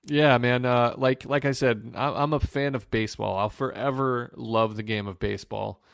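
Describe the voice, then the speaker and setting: A man in his thirties from Northwest Ohio, reflecting on his career in a podcast interview. His voice is gravelly yet smooth and resonant, and he circles back over his words with fillers and restarts. The sound is dry and close. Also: mid-range voice, steady tone, normal speed, no room sound. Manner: emotional, reflective storytelling with many fillers and restarts. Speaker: guest, former pro pitcher.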